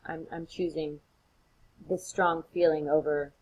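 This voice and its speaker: A woman's voice: low-pitched, level tone, measured pace, low-quality recording. A woman giving a recorded literature lecture, retelling the scenes in casual, modern words and acting out the quotes playfully.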